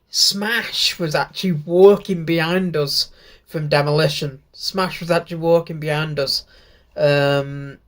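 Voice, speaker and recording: Brief: British-born male YouTuber, slow unhurried delivery, excitable and rambling. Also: on the high side. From Britain. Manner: rambling and excited, many restarts. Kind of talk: casual vlog recap.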